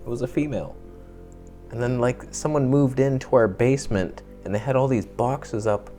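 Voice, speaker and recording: A young male vlogger talks casually to the camera, spinning rambling, joking stories with the occasional swear word. His voice is warm and medium-pitched at a moderate pace, with faint music in the background.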